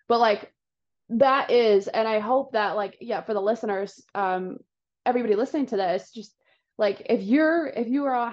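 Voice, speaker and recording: A woman's voice: medium pitch, darkish tone. A woman hosting a casual podcast chat, emphatic and encouraging, rambling through her points. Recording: slightly dull lo-fi audio.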